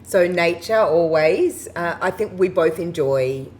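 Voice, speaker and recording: Chatty woman in her 40s, lowish voice, tells stories n laughs a lot, bit of faint room hum behind. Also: lively intonation, measured pace, darkish tone, rough recording. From Australia. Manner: chatty storyteller, laughs often. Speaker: guest, wedding and funeral celebrant. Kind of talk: casual interview chat.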